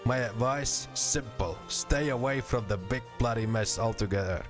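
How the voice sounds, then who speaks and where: A man's voice: mid-range voice, normal speed, music in the background, lightly acted. A man putting on a scornful Scottish-accented war storyteller. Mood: ranting. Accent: put-on Scottish. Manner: brogue-heavy, slangy, scornful ranting. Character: gruff spitting male Blood War storyteller. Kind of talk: reading game dialogue aloud in character.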